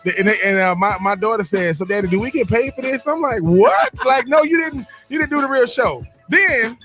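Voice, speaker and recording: A man's voice: very high voice, brisk, sharp tone, soft background music. A man, co-hosting a radio show, telling stories in a casual chat with frequent repeats and laughs. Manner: repeats words and restarts, laughs often.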